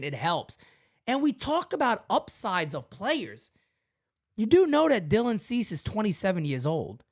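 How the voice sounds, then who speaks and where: A man's voice: extremely high pitch, fairly bright tone. Emphatic man hosting a call-in show. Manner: emphatic, repeats points for effect. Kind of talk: fan sports call-in talk.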